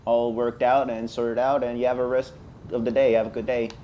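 A man's voice: medium pitch, level tone, a little fast, lo-fi sound, slight background noise. A man hosting a game role-play, talking casually in the part of a police officer, hesitant with fillers, on a headset. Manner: chatty, hesitant, many uh fillers and restarts. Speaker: host playing a police officer.

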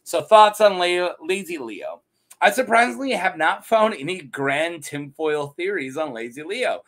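A man casually retelling fantasy lore as a channel host, jokey and animated, laughing at his own asides. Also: high voice, unhurried.

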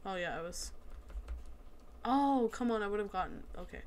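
A woman with a mid-range voice chats casually through a video game let's-play. Excitable by nature, she exclaims readily whenever the action heats up.

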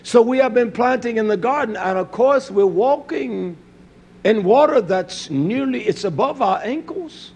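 An older man preaching a sermon in a fiery, scolding way, swinging from loud outbursts to low, quiet stretches. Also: animated, a little slow, slightly rough, dull audio.

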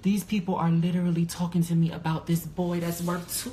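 A profane livestreaming man in a roomy echo. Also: fairly quick. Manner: candid and profane, swings to high excited pitch. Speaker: livestreamer reading viewer comments. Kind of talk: casual livestream chat. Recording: roomy echo with faint background noise.

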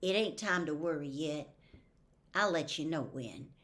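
A woman's voice: low-pitched, lively intonation, unhurried, a bit bright. A woman reading an audiobook, voicing a protective teenage boy, an older brother, who speaks with urgency. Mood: reassuring.

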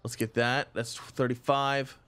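A man hosting a casual let's-play, chatty and excitable, thinking aloud with frequent exclamations. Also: mid-range voice, unhurried, smooth. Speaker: gaming channel host.

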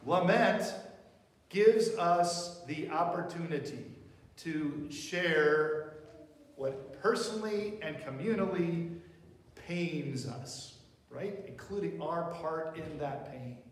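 A man with a high voice preaches slowly and unhurriedly, talking with his listeners through questions. He is heard from some distance in a large, echoing church sanctuary with long reverb. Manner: conversational preaching with rhetorical questions. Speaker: pastor. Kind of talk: sermon. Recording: roomy hall reverb, mic at a distance.

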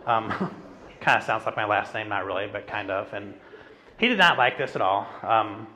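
A man's voice: fairly low pitch, normal speed, sharp tone, a little hiss or hum. A middle-aged man, a pastor, preaching a sermon in a casual, storytelling way, with self-deprecating humor and lots of filler words. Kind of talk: sermon with personal stories. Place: church sanctuary.

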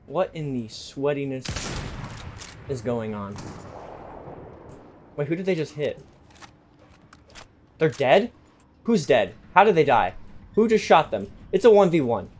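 A young man giving excitable live commentary over his own video game match, repeating himself under pressure. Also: fairly high pitch, slow, pauses often, a little hiss or hum. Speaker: gaming youtuber.

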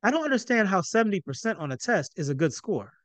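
Excitable teen boy with a raised, eager voice, read by a man, storybook reading, dry sound. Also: quick pace, dry recording. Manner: pitched up, eager and pleading.

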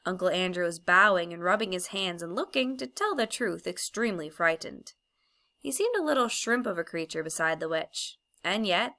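A woman reading a children's fantasy novel aloud as an audiobook narrator, measured and expressive. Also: fairly low pitch, vocal fry. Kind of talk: storybook narration.

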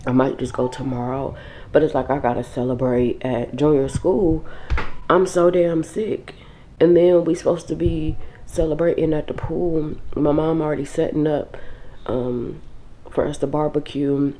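Young woman vlogger with a very low voice, sick and run-down, casual and tired. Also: little pitch movement, normal speed, warm tone, a little hiss or hum, rough recording. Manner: tired, informal, talks straight to viewers. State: sick with flu, weak and drained. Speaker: vlogger and mother. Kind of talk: casual vlog chat.

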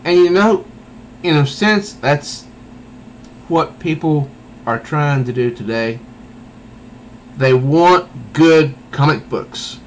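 A man's voice: fairly high pitch, slow, long pauses, a little hiss or hum, poor audio. A man reviewing a comic book in a casual, meandering way, thinking aloud as he goes.

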